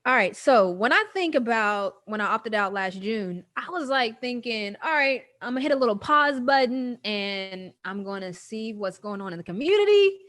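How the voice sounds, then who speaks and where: A woman in her thirties hosting a podcast, talking casually and emotionally. She pauses often, voice halting as she holds back tears. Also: a little high, expressive, a bit bright. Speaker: podcast host. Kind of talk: personal announcement, casual talk.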